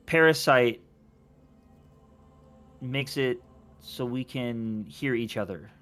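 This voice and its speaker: Terse, suspicious creature leader, played by a man, slow and halting, mid-pitched. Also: a bit bright, soft background music. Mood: terse, wary. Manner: slow, broken clipped speech.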